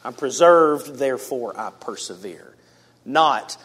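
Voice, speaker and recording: Male pastor, fairly high voice, animated sermon delivery, casual and direct with the congregation. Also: measured pace. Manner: animated preaching, big swings in pitch and loudness; addresses the congregation casually as guys.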